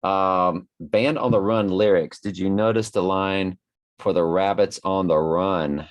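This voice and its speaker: A man's voice: low voice, fairly even intonation, a little slow. A tired man hosting a casual livestream, reading out viewer comments in a rambling, musing way with many fillers.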